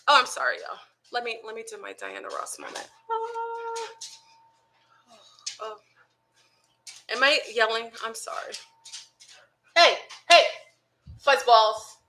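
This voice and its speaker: A woman's voice: on the high side, pushed and bright, a little hiss or hum. A woman talking straight to her viewers from home in an unscripted monologue, firing off rhetorical questions and calling them y'all. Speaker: online commentator. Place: home with dogs nearby.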